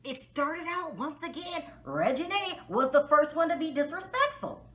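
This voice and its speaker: A woman vlogger talks in a high, bright voice that swoops up and down as she reviews a show. She is outspoken and exasperated, breaking into frequent laughter, and her delivery is loose, conversational and full of energy. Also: very animated, normal speed. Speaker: reality TV reviewer, vlog host. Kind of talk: casual spoken show review.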